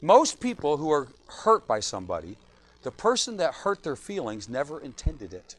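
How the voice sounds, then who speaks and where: A man's voice: on the high side, normal speed. A man, a pastor, preaching an evening sermon and acting out churchgoers' lines in little voices. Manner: animated, acts out quoted churchgoers in voices.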